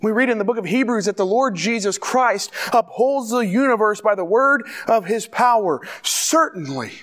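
A man's voice: sits high, animated, normal speed, fairly bright tone. A pastor preaching a sermon to his church, earnest and full of rhetorical questions.

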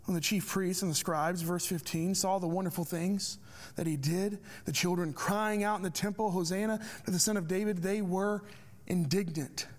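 A man with a fairly high voice delivers a sermon from the pulpit. He leans on rhetorical questions and presses each point with emphasis. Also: fairly even intonation, normal speed. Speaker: pastor.

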